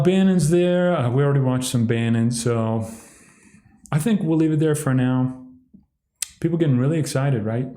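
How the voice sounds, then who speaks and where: A mellow, medium-pitched male voice carries a rambling, sardonic livestream commentary that mocks freely and drifts into exaggerated impressions at times. The recording has an echoey room sound.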